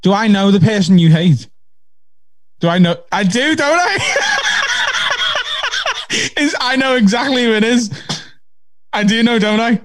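A man's voice: high voice, normal speed, long pauses. A man co-hosting a podcast in laid-back, wry casual chat. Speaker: podcast co-host.

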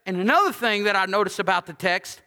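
A man preaching a sermon as pastor, conversational and lively, with humorous asides and repeated lines for emphasis. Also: high-pitched, quick pace, smooth, long reverb tail.

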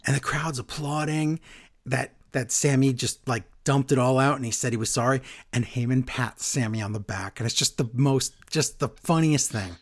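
A man co-hosting a casual wrestling chat, recapping a show with animated, exaggerated retellings. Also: mid-range voice, normal speed. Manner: animated, acts out quotes in exaggerated voices. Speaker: podcast co-host recapping wrestling.

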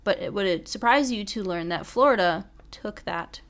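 A woman's voice: mid-range voice, expressive. A woman casually reading a list aloud, stumbling over foreign words and apologizing with a laugh. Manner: reads each item deliberately.

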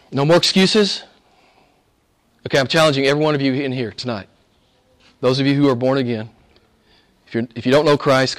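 A man with a voice on the high side preaches to a live congregation, urging them on with rhetorical questions, sinking to quiet whispers and then climbing to impassioned shouts.

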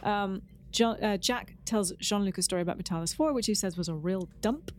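A woman co-hosting a podcast, chatting casually and enthusiastically with lively asides. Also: mid-range voice, brisk, slight background noise. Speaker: podcast co-host.

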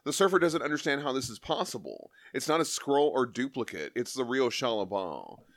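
A man's voice: medium pitch, a little fast, dry recording, studio quality. Laid-back man reading comics aloud. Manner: relaxed, full of fillers, reads quoted lines with flair. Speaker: comic book podcast co-host. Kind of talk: casual chat, reading comic dialogue aloud.

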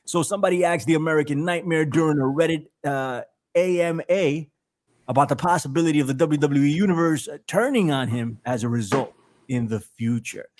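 An animated male podcast host with a fairly high voice. He riffs in casual chat, jokey and quick to laugh, and keeps the banter rolling.

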